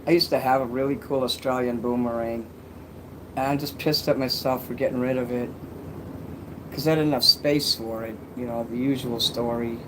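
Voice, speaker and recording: A man's voice: medium pitch, fairly even intonation, moderate pace, noisy background. A man casually chatting on a livestream, reading donations and rambling with crude jokes and many restarts.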